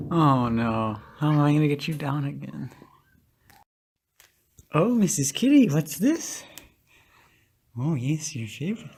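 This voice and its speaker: Slow, low-voiced woman coaxing her cats. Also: expressive, slight background noise. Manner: coaxing, fond baby-talk to the cats, often whispering. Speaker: cat owner filming her pets. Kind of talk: casual home video, talking to pets.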